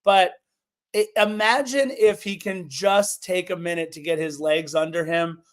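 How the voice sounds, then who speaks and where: A man co-hosting a casual sports podcast, animated and opinionated as he previews a match. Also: sits high, unhurried. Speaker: podcast co-host.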